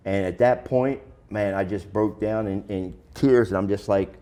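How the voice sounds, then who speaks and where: A man with a fairly low, mellow voice talks through his past in a loose, candid way. His speech is plain and full of slang, the way one talks in a relaxed sit-down interview. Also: measured pace. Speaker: guest sharing his recovery story. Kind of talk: casual conversational storytelling.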